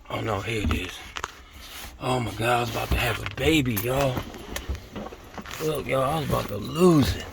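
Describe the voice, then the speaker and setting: A man's voice: mid-range voice, gravelly, background noise. A man vlogging from his car, preaching bluntly and cursing as he talks to his viewers. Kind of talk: casual religious rant to viewers.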